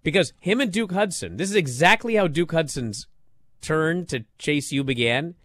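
A man co-hosting a wrestling podcast, talking in casual chat and getting worked up into loud disbelief. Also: fairly high pitch, moderate pace. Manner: animated, rising to loud disbelief. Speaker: wrestling show co-host.

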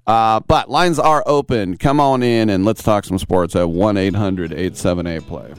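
A man's voice: on the low side, moderate pace, clean tone, soft background music. A man hosting a sports talk radio show, telling rambling, wry stories with many asides. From San Francisco Bay Area.

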